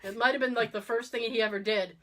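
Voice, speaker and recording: A woman hosting a podcast, telling a story in casual chat, animated and laughing often as she acts out quotes. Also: a little high, quick pace. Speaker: podcast host.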